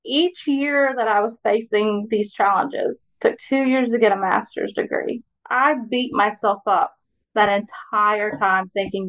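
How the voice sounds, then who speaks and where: A woman speaks in an earnest, steady way as a podcast guest. Her voice sits a touch high, and her tone stays encouraging. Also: normal speed, low-quality recording. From Alabama, US. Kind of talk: personal reflection in conversation.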